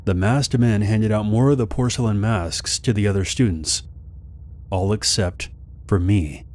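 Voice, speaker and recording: Reading a horror tale aloud, this low-voiced man sounds calm and even, as if narrating for a scary story channel. His pace is a little slow and his tone deep.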